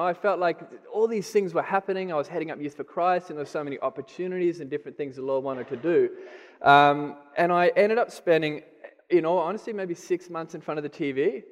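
A middle-aged man with an Australian accent giving a candid, self-deprecating sermon testimony. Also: fairly high pitch. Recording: long hall reverb.

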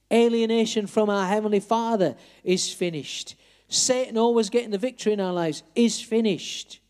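A man's voice: high-pitched, a little mellow. A man preaching an evangelistic sermon, earnestly appealing straight to his listeners.

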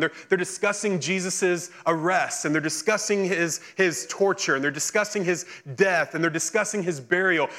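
A male pastor preaching a sermon, reading scripture and then retelling it in lively, casual speech. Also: fairly high pitch.

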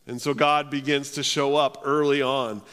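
A man's voice: medium pitch, little pitch movement, moderate pace, a bit bright, clear, resonant tone. A male pastor preaching a sermon in earnest, often restarting his phrases. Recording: long hall reverb.

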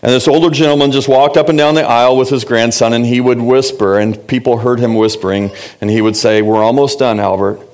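A man's voice: mid-range voice, fairly even intonation, fairly quick, hardly any pauses. A middle-aged man, a pastor, preaching a sermon in an earnest, conversational way and asking the congregation questions.

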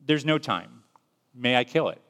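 A man voicing a calm, insistent flaming angel who keeps asking the same question. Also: medium pitch, unhurried. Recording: long reverb.

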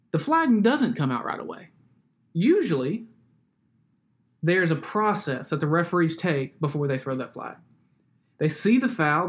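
A young man from Alabama preaching a sermon in a conversational way, with stories and asides. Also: on the high side. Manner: conversational, uses sports stories and tag questions. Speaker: pastor.

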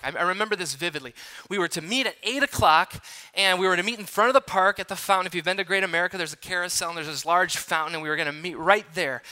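A man in his thirties from Wisconsin preaching a sermon, telling a personal story in an animated, conversational, self-deprecating way. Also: sits high. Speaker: pastor. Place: large church hall.

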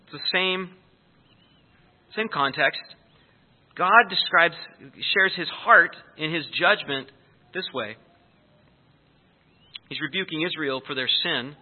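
A man's voice: a little high, takes it slowly, long pauses. A man with a slightly raised voice gives an earnest, explanatory verse-by-verse sermon. The sound is thin and narrow, as if it came down a phone line. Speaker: Bible teacher.

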